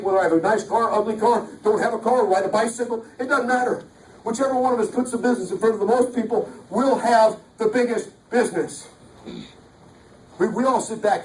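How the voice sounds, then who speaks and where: High-pitched guy hyping up a sales crowd, echoey hall, mic sounds far off. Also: slight background noise. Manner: energetic, joking, acts out voices. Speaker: motivational speaker at a sales event. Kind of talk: live motivational talk to an audience. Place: large hall.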